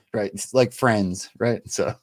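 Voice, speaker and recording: A man's voice: lowish voice, animated, takes it slowly, a little mellow. A man hosting a casual chat, easygoing and laughing often. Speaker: host.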